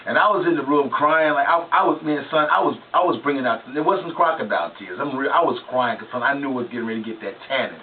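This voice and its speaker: A man's voice: mid-range voice, expressive, fast, hardly any pauses, recorded from a distance. A man hosting a radio talk show, preaching to parents and telling stories about his own childhood in an emphatic way. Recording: lo-fi phone-like line with hiss, off-mic.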